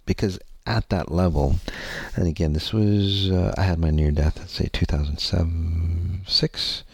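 Very deep, gravelly-voiced man. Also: steady tone, a little slow, no room sound. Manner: rambling and earnest, with many fillers and casual swearing. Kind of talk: candid personal story told to an audience.

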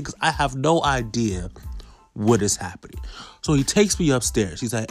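A man in his thirties casually telling viewers a story, swinging from hushed asides to loud exclamations. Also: medium pitch, expressive, normal speed. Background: faint background music.

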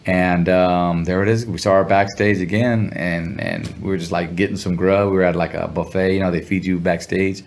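A man's voice: low-pitched, steady tone, normal speed, hardly any pauses. A man being interviewed as a musician guest, telling a casual, slangy story and briefly acting out other people's voices. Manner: laid-back slangy storyteller who acts out voices. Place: Los Angeles area.

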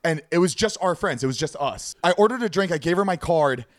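Animated swearing man, dry close sound. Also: a little high, a little fast, no echo. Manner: animated storyteller, swears freely. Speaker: podcast co-host. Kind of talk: casual chat.

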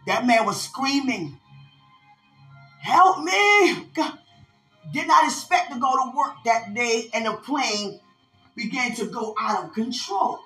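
A woman preaches with fervent conviction, calling out to listeners as she recounts a vision. Her voice sits a little high and rings in an echoey room. Faint music plays underneath. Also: a little slow, fairly bright tone. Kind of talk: prophetic sermon.

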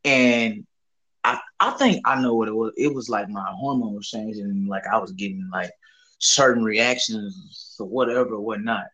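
Young man, husky tone, laid-back and profane, casual storytelling host. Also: lowish voice, normal speed, sharp tone, low-quality recording. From Southern US. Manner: profane, laid-back, rambling with frequent fillers. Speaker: podcast co-host.

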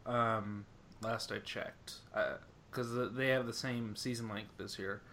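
A man's voice: fairly low pitch, fairly even intonation, measured pace, pushed and bright, slight background noise. A man co-hosting a casual podcast chat, laid-back and laughing often. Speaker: podcast co-host.

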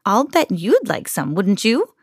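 A woman voicing a kind, plump old woman who speaks gently and brightly in a storybook read-aloud. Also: mid-range voice, huge pitch swings, measured pace, no room sound, studio quality, full character voice. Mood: kindly.

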